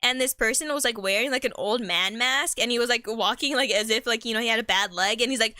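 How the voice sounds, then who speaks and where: A woman's voice: on the high side, fast talker, few pauses, sharp tone, no echo, studio quality. A woman chatting casually on a live stream, rambling in slang and laughing often.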